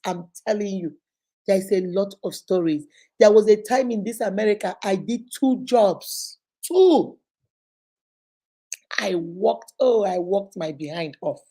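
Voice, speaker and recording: A middle-aged woman, hosting a show and telling family stories in a lively, exclaiming way. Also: medium pitch. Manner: animated, exclaiming, laughing often. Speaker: host. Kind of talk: casual storytelling chat.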